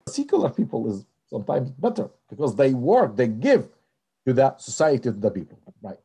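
A man from Israel, a religious leader and peace activist, telling stories in an interview in animated, hesitant, non-native phrasing. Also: mid-range voice, a little fast, husky.

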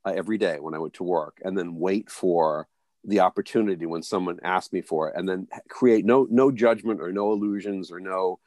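A man with a very low voice tells a reflective personal story as an interview guest. He talks haltingly, restarting phrases and adding fillers as he goes. The sound is dry and close. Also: a little mellow, dry recording. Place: near a big US city.

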